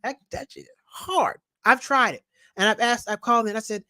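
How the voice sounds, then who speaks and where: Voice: medium pitch, normal speed, pushed and bright, dry recording, studio quality. A personal finance vlogger talking casually to camera, loose and slangy, rambling with restarts and blunt asides. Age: young adult or older. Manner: rambling, with many restarts and acted quotes.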